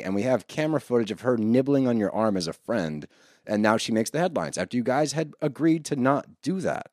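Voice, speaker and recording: A man ranting with heated, profane energy as he co-hosts a casual recap podcast. His pitch swings widely and he talks into a close mic in a dry, dead room. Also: very animated, a little fast, a little mellow, dry recording. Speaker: podcast co-host.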